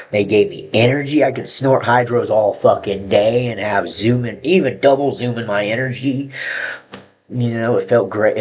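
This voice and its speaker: A man's voice: lowish voice, slightly rough, lo-fi sound. A man telling his own story in a blunt, profane, rambling way, breaking into nervous laughs. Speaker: vlogger sharing his addiction story. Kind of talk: candid confessional monologue.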